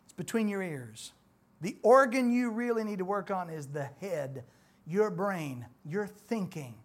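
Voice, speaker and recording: A man's voice: high-pitched, animated, measured pace. A man delivers a sermon in an emphatic voice. He stacks rhetorical questions and repeats his points for weight. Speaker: preacher.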